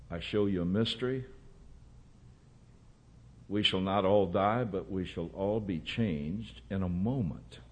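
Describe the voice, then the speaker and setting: A man preaching a sermon, emphatic and rising to loud bursts. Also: low voice.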